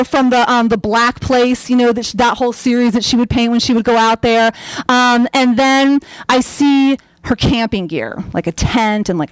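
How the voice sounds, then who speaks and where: A young woman telling a personal story on stage in a chatty, animated way, full of fillers and acted-out quotes. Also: on the high side, clean tone, no room sound, poor audio. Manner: acts out her own quoted lines.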